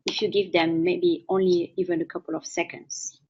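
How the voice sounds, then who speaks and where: A woman's voice: fairly low pitch, flat delivery, normal speed, mellow, husky, dull audio. A woman from France with a strong French accent, hosting a live online interview in a chatty way with many fillers. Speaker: host.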